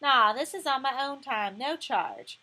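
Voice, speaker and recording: A tough, streetwise girl with a swagger, blunt and slangy, her voice sitting a touch high, as a woman reading aloud puts her on. The storybook reading stays close and plain, bossy and brash in every line. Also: animated, measured pace, sharp tone, full character voice. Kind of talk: audiobook reading.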